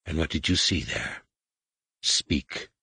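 A man reading an audiobook and voicing a majestic, menacing alien overlord who speaks in a hushed, whispered rumble, slow and commanding. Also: creaky, slightly rough, dry recording, clean studio sound, heavily acted.

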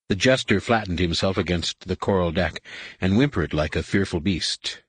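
Deep husky guy narrating an audiobook, dry close sound, slow dramatic telling. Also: dry recording. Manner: measured, dramatic storytelling. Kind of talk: scripted narration.

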